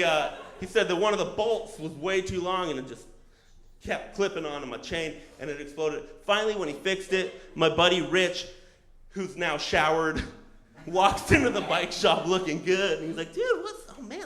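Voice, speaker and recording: A man's voice: on the high side, moderate pace, fairly bright tone, reverberant. A man telling a true story at a live storytelling show, casual and profane, acting out other people's lines. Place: comedy stage before a live audience.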